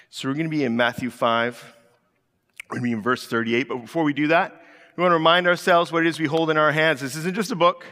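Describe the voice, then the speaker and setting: A male pastor in his thirties tells a story in a bright, forceful voice. He talks to the room in a relaxed, chatty way and slips into the voices of the people he quotes. His words ring out with the long echo of a church hall. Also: on the high side. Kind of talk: sermon. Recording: echoey hall.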